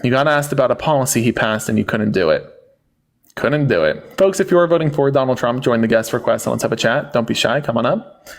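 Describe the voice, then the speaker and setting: A man in his forties hosting a heated live debate, mocking and condescending, who keeps telling his guests to calm down. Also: medium pitch, quick pace. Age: 40s.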